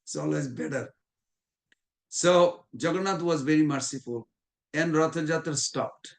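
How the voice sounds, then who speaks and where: High-voiced man telling devotional anecdotes. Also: a little slow, creaky. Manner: storytelling with frequent chuckles; informal non-native English phrasing. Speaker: devotional class speaker. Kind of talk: anecdotal devotional class talk.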